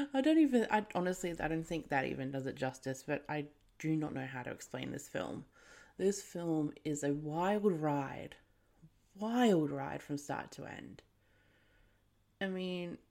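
A woman hosts a podcast and reviews a film in a loose, irreverent monologue. She talks at an unhurried pace and sits a little low in pitch. She swears and laughs easily. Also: vocal fry, darkish tone. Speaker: podcast host.

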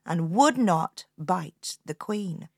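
A woman hosting a storytelling podcast, telling a folk tale to children in an expressive, inviting way. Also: on the low side, takes it slowly, gravelly, no echo, clean studio sound. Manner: expressive, inviting the listener to join in.

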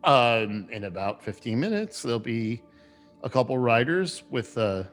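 A man running a tabletop game as game master, narrating with hesitant pauses and many fillers. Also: medium pitch, big pitch swings, soft background music.

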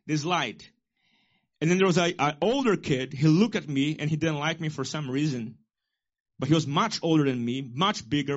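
A pastor in his forties preaching a sermon with emphasis, rising to loud peaks and dropping to quiet asides. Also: a little high, dull audio.

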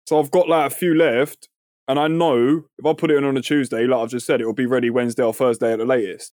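A man, telling a story on a podcast in a casual, animated way and swearing freely. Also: mid-range voice, fast talker, no room sound, studio quality. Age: 30s. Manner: animated, swears freely, acts out quoted voices. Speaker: podcast co-host.

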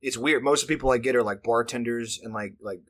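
A man's voice: medium pitch, fast talker, a bit bright. A man, telling a profane, rambling story in casual chat. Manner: profane, rambling, filler-heavy delivery.

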